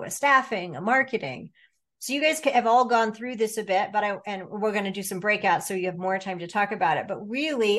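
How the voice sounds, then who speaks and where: A woman's voice: medium pitch, a bit bright. A woman coaches a group over a video call. She talks in a middle register with lots of energy. She keeps slipping into playful quoted inner voices to make her points. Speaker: business coach leading a group session. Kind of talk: coaching workshop talk.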